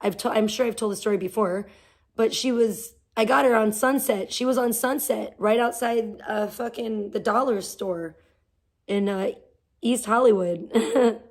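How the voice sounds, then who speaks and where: A woman's voice: on the high side, measured pace, a little mellow. A woman hosting a livestream, venting casually with profane, sarcastic rants and talking to her chat. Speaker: livestream host.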